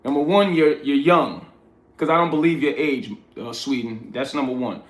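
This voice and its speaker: A man's voice: mid-range voice, normal speed. Blunt New man lecturing his livestream chat. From New York. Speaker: livestream host. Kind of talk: casual livestream chat, reading chat aloud. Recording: roomy echoey room.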